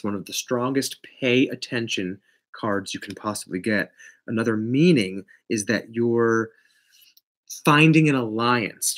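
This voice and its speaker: A male tarot reader gives a relaxed reading in a mid-range voice, playful and emphatic by turns. His delivery jumps from loud outbursts to hushed asides, with slight noise in the background.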